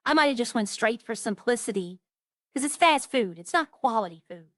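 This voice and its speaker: A woman's voice: fairly high pitch, lively intonation, moderate pace, fairly bright tone, no echo. A woman chatting casually on a roleplay stream, rambling through funny stories and imitating the people she quotes.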